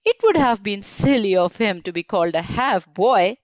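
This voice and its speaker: A woman reading a children's storybook aloud in a gentle, expressive, sing-song way. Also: medium pitch, moderate pace, no room sound, lo-fi sound.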